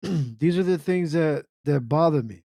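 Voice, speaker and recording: A man's voice: a little high, measured pace, warm tone, no room sound, clean studio sound. A man hosting an internet radio show, ranting in a casual live commentary, repeating himself and firing off rhetorical questions while reacting to chat. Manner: ranty, repetitive, asks rhetorical questions.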